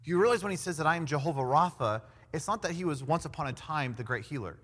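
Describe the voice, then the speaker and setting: A man preaching a sermon in an animated way, acting out quoted voices with big swings in loudness. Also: fairly high pitch, fast talker. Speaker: pastor. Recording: long hall reverb.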